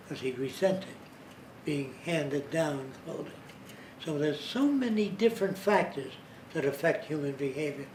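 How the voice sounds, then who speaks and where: With a fairly high, somewhat mellow voice, a man explains his point step by step during an informal lecture, dropping into mimicked accents from time to time. The sound is roomy, with a distant mic and faint hiss.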